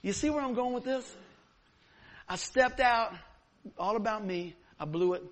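A man preaching a sermon, telling a story with lively, acted-out moments. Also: high voice, a little slow. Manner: animated storyteller, acts out scenes. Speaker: pastor.

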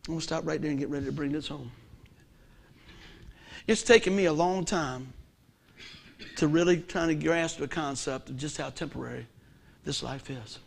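A man with a high voice delivers a sermon. He fires questions at the congregation and pushes some lines hard. Then he drops others to a near hush. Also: moderate pace, vocal fry, long pauses. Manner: emphatic, asks the congregation questions; swings from loud to hushed. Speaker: preacher.

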